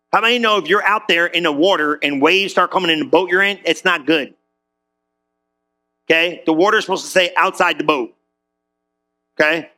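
A man preaching a sermon in a church, animated and conversational, with casual slang and questions thrown to the crowd. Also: fairly high pitch. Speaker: pastor.

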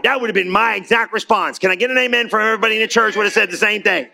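A man preaching a sermon in a church, animated and conversational, with casual slang and questions thrown to the crowd. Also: high-pitched, quick pace, gravelly, hardly any pauses. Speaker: pastor.

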